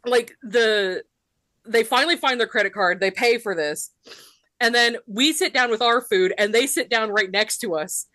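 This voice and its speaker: Woman in her 30s, Southern accent, bright tone, lively laughing storyteller, dry close sound. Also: a little high, normal speed, no room sound. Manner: animated storyteller, laughs often, says "like" a lot. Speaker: podcast co-host. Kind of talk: casual chat, storytelling.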